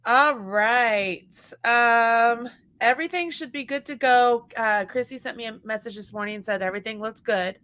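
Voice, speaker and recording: A woman's voice: on the high side, normal speed, fairly bright tone. A woman hosting a casual live craft stream, chatting as she clicks through a website. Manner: chatty, talks to her dog while scrolling.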